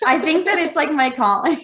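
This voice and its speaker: A woman's voice: sits high, lively intonation, normal speed, fairly bright tone, slight background noise. A woman with a thick Minnesotan accent, co-hosting a podcast in playful, rambling casual chat. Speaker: podcast co-host.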